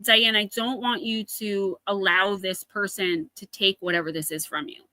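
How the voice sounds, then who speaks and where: A woman's voice: mid-range voice, steady tone, normal speed, pushed and bright, no room sound. A woman with a New Jersey accent giving a live oracle card reading. She chats directly to viewers and often calls them by name.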